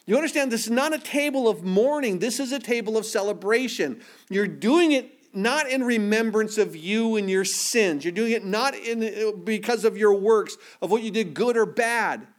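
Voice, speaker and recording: A man's voice: high voice, normal speed. A man pastor preaching a communion sermon and praying, emphatic and full of rhetorical questions.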